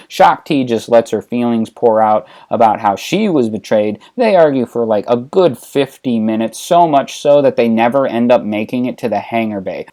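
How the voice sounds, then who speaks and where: Brief: male comedy narrator, casual and offhand, lively pitch. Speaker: host and narrator.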